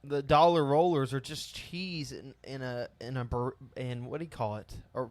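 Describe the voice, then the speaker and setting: A man's voice: mid-range voice, fairly even intonation, moderate pace, a little mellow, dry recording. A young adult man, a podcast co-host, teasing his friends in casual banter.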